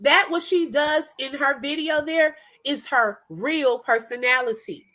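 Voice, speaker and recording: A woman's voice: sits high, a little slow, sharp tone, low-quality recording. A woman hosting a reaction channel, chatting casually and often checking in with "okay?". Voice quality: chatty, drops in frequent "okay?" check-ins. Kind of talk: casual commentary.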